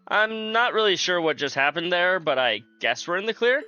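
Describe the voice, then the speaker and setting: Male streamer, bright lively voice, joking casual commentary, slightly dull audio with game music under it. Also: high-pitched, smooth. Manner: chatty, joking with chat.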